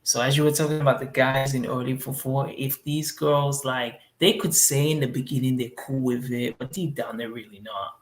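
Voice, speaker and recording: A man's voice: medium pitch, steady tone, moderate pace, hardly any pauses. A man answering interview questions in a laid-back, rambling way full of fillers. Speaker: interview guest living abroad. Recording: roomy echo.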